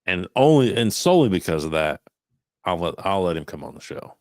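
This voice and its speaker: A man's voice: deep voice, big pitch swings, a little fast, darkish tone, dry recording, studio quality. A man co-hosting a podcast in casual chat, blunt and emphatic, swearing freely. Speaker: podcast co-host.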